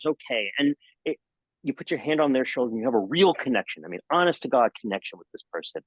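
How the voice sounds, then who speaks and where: A middle-aged man who tells his stage anecdotes with lively energy, often leaping into high, playful exclamations as he acts out the moments. His voice is mid-pitched and recorded dry and close, with no room sound. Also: quick pace, no echo, highs cut off. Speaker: magician and mentalist guest. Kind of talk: animated storytelling in a podcast interview.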